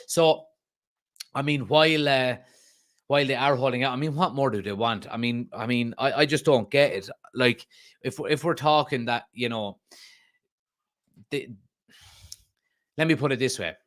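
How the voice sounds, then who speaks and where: A man's voice: mid-range voice, normal speed, long pauses, fairly bright tone. Irish man ranting on a fan stream. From Ireland. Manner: conversational, frequent restarts and fillers, emphatic outbursts. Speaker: fan channel host. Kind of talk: live-stream fan chat reading comments.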